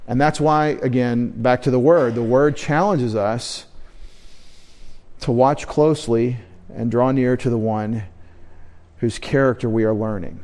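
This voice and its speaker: A man with a mid-pitched voice delivers a church sermon. He is earnest and emphatic. He slows right down to press the important words home. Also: steady tone, darkish tone. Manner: earnest, emphatic preaching with slow stressed words. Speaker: pastor. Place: church service.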